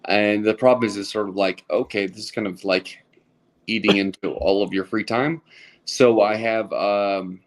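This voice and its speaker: Halting, self-deprecating man, low voice. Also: steady tone. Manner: halting, many fillers and restarts. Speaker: stand-up comedian guest. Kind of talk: casual podcast chat.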